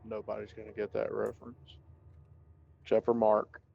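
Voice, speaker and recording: A man's voice: on the low side, completely flat delivery, normal speed, gravelly, warm tone, highs cut off, slight background noise. A man player chatting casually about video games at a tabletop session, with wry, opinionated banter.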